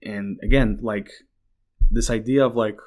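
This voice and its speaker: A man's voice: on the low side, fairly even intonation, measured pace, a little mellow. A man hosting a podcast, giving casual political commentary in a rambling, indignant way, swearing freely and filling his talk with "like". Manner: indignant, bursts out in exclaims. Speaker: podcast host.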